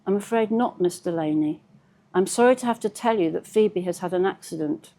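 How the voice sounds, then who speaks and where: A woman reading as a calm, polite police inspector. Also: on the low side, a little fast, natural voice. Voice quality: mellow, pleasant.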